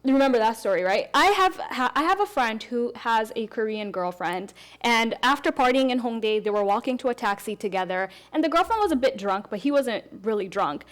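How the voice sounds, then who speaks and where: A young adult woman hosting a casual podcast chat, telling stories with lively acted-out dialogue. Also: a little high, a little fast, hardly any pauses. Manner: animated storyteller, acts out quoted dialogue. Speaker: podcast host.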